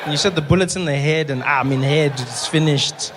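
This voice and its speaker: A man telling a stand-up story at a rapid clip, animated and exasperated. His voice sits fairly high for a man and keeps building into loud rants. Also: noisy background. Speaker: stand-up comedian.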